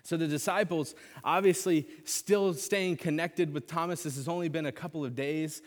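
A man's voice: fairly high pitch, fairly even intonation, normal speed. A man preaching a sermon as a pastor, earnest and conversational, with casual fillers. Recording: long reverb of a large hall.

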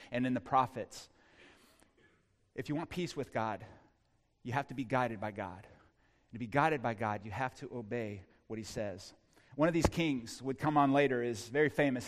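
A man preaching a sermon as pastor, emphatic, repeating key lines and calling the congregation to respond. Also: medium pitch. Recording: long hall reverb.

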